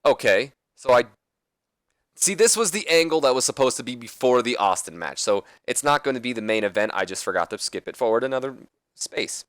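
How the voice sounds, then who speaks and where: A man's voice: mid-range voice, animated, a little fast, a bit bright, no room sound. A man casually commenting on his wrestling management game, rambling and correcting himself as he goes. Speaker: let's play host.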